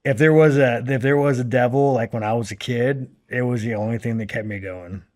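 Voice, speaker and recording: A man's voice: mid-range voice, a little fast, a little mellow. A man in his thirties, a podcast guest talking bluntly and profanely in a rambling, filler-filled way. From United States. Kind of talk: casual long-form interview talk.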